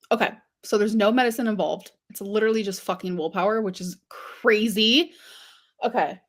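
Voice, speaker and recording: A woman's voice: mid-range voice, moderate pace. A woman chatting casually to viewers on a livestream, rambling with lots of fillers and giggles.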